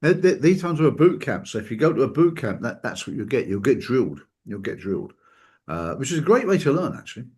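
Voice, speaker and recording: Husky-voiced male host, animated storyteller who acts out quotes. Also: mid-range voice, quick pace. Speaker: talk show host. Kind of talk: casual chat.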